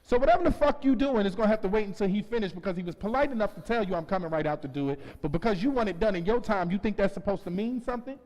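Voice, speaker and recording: A man with a New Jersey accent, co-hosting a radio show, telling profane comic stories and ranting loudly. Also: sits high, rapid-fire, hardly any pauses, big-room sound. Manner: profane, animated storytelling, gets loud. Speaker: co-host.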